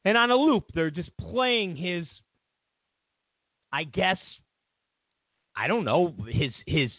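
A man's voice: high-pitched, big pitch swings, takes it slowly, no echo. A man hosting his own show, ranting in a casual, sarcastic and mocking way about the news. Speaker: show host. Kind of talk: casual political commentary rant. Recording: tinny phone-like line, dry.

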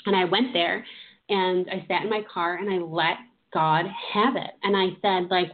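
Woman, thirties, emotional rambling storyteller, fillers and restarts, lower pitch, lo-fi phone-line audio. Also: brisk. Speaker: podcast co-host telling her recovery story. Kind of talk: casual conversational storytelling.

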